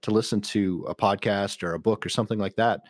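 A middle-aged man co-hosting a casual podcast, his voice sitting on the low side. He talks in an easygoing, self-deprecating way, often restarting his sentences. The sound is close and dry. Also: steady tone, fairly quick, no echo. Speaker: podcast co-host. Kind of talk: casual chat.

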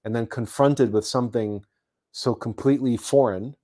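A man from Canada recounting a childhood story in a reflective talk, halting often and repeating words with many fillers. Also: medium pitch, steady tone, mellow. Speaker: host.

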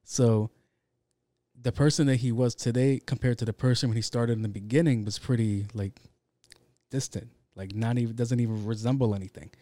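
Recorded with no echo, this solo podcast host speaks at medium pitch and normal speed, with fairly even intonation and a dark tone. He's an adult with kids who rambles casually, curses freely and uses lots of fillers.

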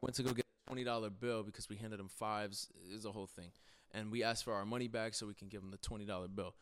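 A man's voice: on the low side, steady tone, quick pace, clear, resonant tone. A man hosting a podcast, casually telling profane, laugh-filled stories about a trip with friends. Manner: laid-back, profane, laughs through his stories. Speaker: podcast host. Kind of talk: casual storytelling chat.

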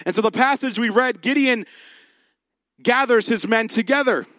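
A male pastor preaching a sermon, telling the story with lively acted-out dialogue and talking with the congregation. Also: very high voice, normal speed, dry recording. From Michigan. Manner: animated storytelling, acts out quoted voices.

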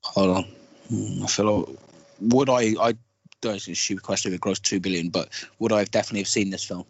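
A man's voice: lowish voice, steady tone, fairly quick, gravelly, breathy edge, no echo, dull audio. A man co-hosting a casual film podcast, rambling and correcting himself as he works through strong opinions. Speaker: podcast co-host.

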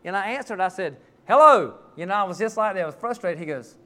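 Folksy pastor, slightly high voice. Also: male voice, rapid-fire, a bit bright. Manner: folksy, heartfelt storytelling. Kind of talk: sermon.

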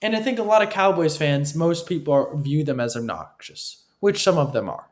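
Emphatic man giving a lively sports rant. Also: fairly high pitch, normal speed. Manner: emphatic, repetitive, addresses listeners as folks, frequent "right?". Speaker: sports commentator. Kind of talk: opinionated football analysis monologue.

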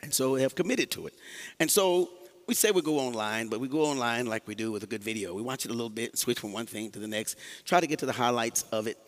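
A man's voice: mid-range voice, quick pace, big-room sound. A male pastor preaching a sermon, talking with the congregation and laughing often. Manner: animated, laughing, call-and-response with the congregation.

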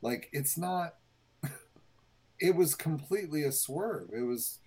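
Husky man in emphatic podcast chat. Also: a little high, expressive, takes it slowly, darkish tone, low-quality recording. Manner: emphatic, swears, stumbles over words. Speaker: podcast co-host. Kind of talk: casual movie review chat.

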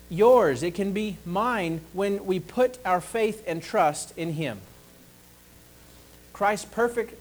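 A man preaching a sermon, slow and deliberate, pausing to ask the congregation for an amen. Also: high voice, rough recording.

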